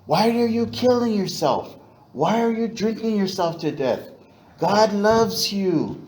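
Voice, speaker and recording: A man voicing a gentle female night nurse, soft and pleading. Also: high voice, lively intonation, slow, voice pushed up, low-quality recording. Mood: softly pleading.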